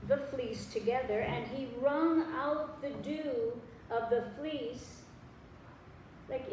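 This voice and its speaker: A woman preaching a sermon, telling stories lively and acting out the voices of the people in them. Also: high-pitched, a little hiss or hum. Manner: animated storytelling, acting out voices in dialogue. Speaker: pastor. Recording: echoey room, mic at a distance.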